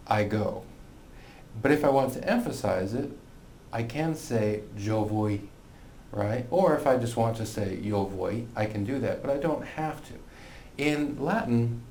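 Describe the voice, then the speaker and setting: A man's voice: mid-range voice, darkish tone, echoey room, a little hiss or hum. A man teaching a recorded Latin lesson, explaining grammar patiently and step by step with frequent fillers.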